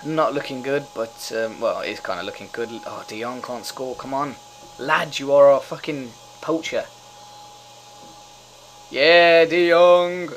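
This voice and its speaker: Excitable young man swearing. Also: mid-range voice, moderate pace, hardly any pauses, slight background noise, poor audio. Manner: excitable, swears often, cheers at goals. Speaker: gamer doing live commentary. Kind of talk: casual live gameplay commentary.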